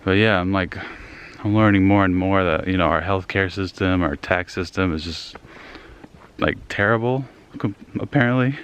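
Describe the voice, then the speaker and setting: A man's voice: sits low, normal speed, fairly bright tone, clear, resonant tone. A young man vlogging while walking in the woods, a little out of breath, rambling and trailing off in casual talk. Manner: rambling, self-deprecating, trailing off.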